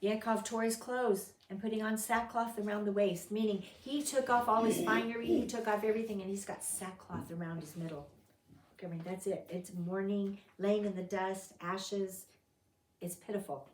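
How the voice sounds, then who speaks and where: A woman's voice: medium pitch, fairly even intonation, normal speed, recorded from a distance, slight background noise. Woman Bible teacher, dramatic storytelling, echoey room. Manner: dramatic, acts out quotes with sudden loud outbursts. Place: fellowship meeting room. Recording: roomy sound from off the mic.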